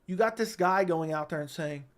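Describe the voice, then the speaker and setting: A man with a fairly high voice hosts a livestream and delivers hot, blunt commentary about the fight world. He circles back to the same phrases again and again, his talk sounding close and direct through a studio microphone. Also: normal speed. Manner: blunt, heated ranting with repeated phrases. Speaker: MMA commentary channel host. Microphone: studio broadcast mic.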